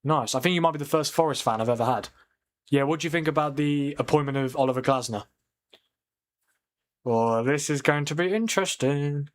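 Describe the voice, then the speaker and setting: A man's voice: on the high side, fairly quick. A man hosting a live football watchalong, chatting with viewers and reacting to the match as it plays. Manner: chatty, reads and answers viewer comments; excitable reacting to match incidents. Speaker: watchalong streamer.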